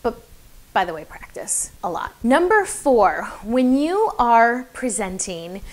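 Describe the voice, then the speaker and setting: A young woman coaching public speaking in a chatty, encouraging way, with lots of fillers. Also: on the high side. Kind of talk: casual advice video to camera.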